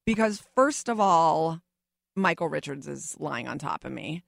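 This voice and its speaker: A woman's voice: deep voice, animated, a little slow, creaky, no echo, clean studio sound. A middle-aged actress, a guest in a casual interview, telling stories animatedly and acting out the people she quotes.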